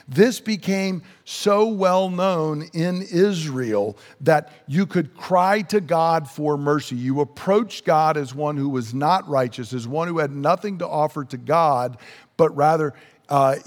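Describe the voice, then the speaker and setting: A man's voice: on the high side, unhurried, big-room sound. A man preaching a sermon, explaining scripture in an earnest teaching manner. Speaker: pastor.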